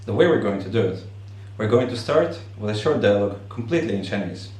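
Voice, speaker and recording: A man's voice: fairly low pitch, animated, fast, a little mellow, recorded from a distance. Patient male language teacher, echoey room. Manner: patient, explains step by step. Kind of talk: beginner lesson explanation.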